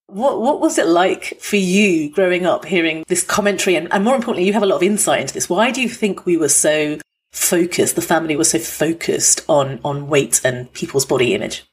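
A woman hosts a podcast and talks with her sister in a lively, chatty way. Her voice sits a little low and has a husky grain. She asks long, rambling questions. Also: fairly quick. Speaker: podcast host. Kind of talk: conversational interview with her sister.

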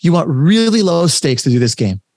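Energetic man teaching over a video call. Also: on the high side, normal speed, dry recording, studio quality. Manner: energetic, conversational, emphatic. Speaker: coach. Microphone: webcam setup, facing camera.

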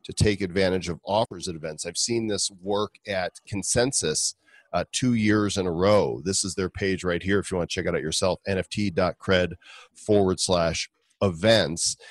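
A man's voice: low-pitched, normal speed, dry recording. A man hosting a casual podcast, talking in a chatty, promotional way with fillers. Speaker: podcast host.

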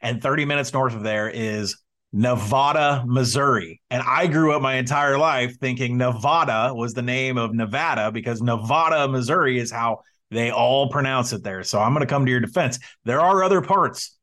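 A man's voice: medium pitch, normal speed, fairly bright tone. A man from Arkansas co-hosting a casual sports betting podcast, upbeat and joking. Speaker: podcast co-host.

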